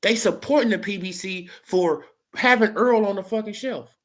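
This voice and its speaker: A man's voice: sits high, normal speed, few pauses, a bit bright. Man riffing on boxing, casual. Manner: loose and repetitive, tags lines with "right?". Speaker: host. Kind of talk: casual boxing commentary stream.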